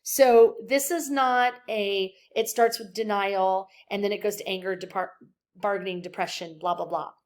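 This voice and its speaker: A woman's voice: medium pitch, steady tone, normal speed. A young adult woman giving a recorded psychology lecture to her students, speaking conversationally with filler words and acting out example quotes. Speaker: psychology instructor.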